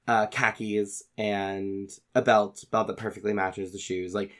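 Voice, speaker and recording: A man's voice: lowish voice, flat delivery, unhurried. A man narrating his character's actions in an actual-play tabletop game, casual and descriptive with frequent fillers. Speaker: player.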